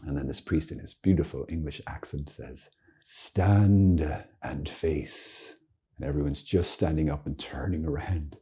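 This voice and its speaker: A man, a priest, giving an informal teaching talk, earnest and lively with joking asides. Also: a bass voice, brisk, few pauses, slightly rough. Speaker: Catholic priest.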